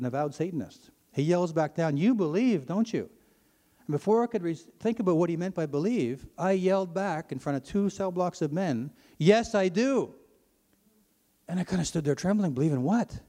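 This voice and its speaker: A middle-aged man from Ontario, earnestly telling his personal faith testimony to an audience, his voice climbing when he gets excited. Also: on the high side. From Ontario, Canada. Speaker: speaker sharing his testimony. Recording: long hall reverb.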